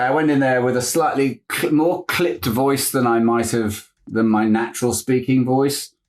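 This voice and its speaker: A man, a guest actor, telling anecdotes in a casual interview and slipping into impressions as he goes. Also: fairly low pitch.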